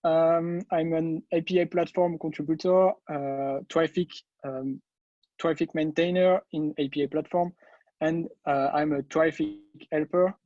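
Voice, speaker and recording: French-accented man, webinar presenter, mellow dry tone, dull lo-fi call audio. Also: a little high, steady tone, unhurried, no room sound. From France. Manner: hesitant, many "uh" fillers. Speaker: guest presenter, developer.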